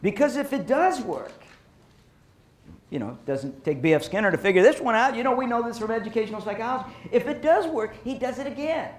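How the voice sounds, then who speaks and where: A man giving a storytelling lecture to an audience on violence prevention, animated and repeating phrases for emphasis. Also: extremely high pitch, a little fast. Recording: roomy echo.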